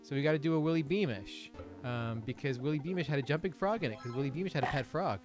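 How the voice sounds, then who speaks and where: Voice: mid-range voice, fast, over music. A let's play host giving casual gameplay commentary in a rambling, hesitant way, swearing now and then.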